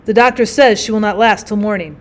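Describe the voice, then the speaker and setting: A woman's voice: medium pitch, fairly quick, lightly acted. A woman voicing a stingy, hesitant peasant man in a storybook reading, stammering and wheedling.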